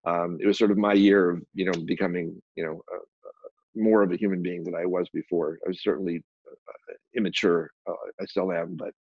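A man's voice: deep voice, little pitch movement, brisk, gravelly, slightly rough, dry recording. An American man as an interview guest, rambling through candid stories and acting out what others said to him. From United States. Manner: rambling, acts out quoted dialogue. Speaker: guest photographer and publisher. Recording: dull lo-fi dry recording.

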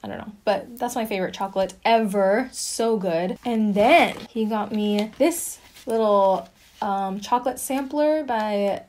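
A woman's voice: mid-range voice, a little slow, darkish tone, slight background noise. A young woman chatting casually through a haul video, bubbly and full of fillers, a little out of breath. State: slightly out of breath. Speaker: vlogger.

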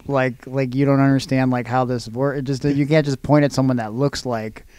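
A man hosting a podcast, chatting casually and teasing his co-host with quick, relaxed remarks. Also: mid-range voice, slight background noise. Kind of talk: casual chat.

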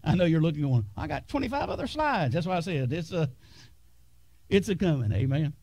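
Preacher with a high voice. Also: male voice, sing-song, no room sound. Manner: preaching with dramatic pauses and sudden hushed drops. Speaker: pastor. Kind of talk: sermon. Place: church sanctuary.

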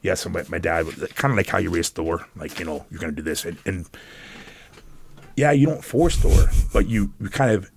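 A man's voice: deep voice, vocal fry, a little hiss or hum. A man talking as a podcast guest, telling stories animatedly and laughing often in a studio. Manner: animated storyteller, quick to laugh. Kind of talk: casual chat.

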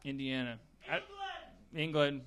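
A man's voice: medium pitch, steady tone, a little slow, a bit bright. A man hosting a live comedy podcast, rambling and joking with frequent stammered restarts. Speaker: podcast host. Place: live theater stage.

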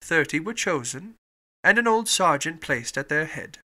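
A male audiobook narrator with a bright, clear voice pitched a little high. His reading of the classic adventure moves lively up and down. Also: normal speed. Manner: expressive storybook reading. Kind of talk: scripted narration.

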